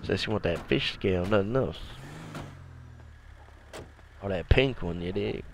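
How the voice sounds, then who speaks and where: Gravelly low-voiced man narrating gameplay. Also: measured pace, a little hiss or hum. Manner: slangy, laid-back street talk. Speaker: gameplay commentator. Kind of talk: casual gameplay commentary.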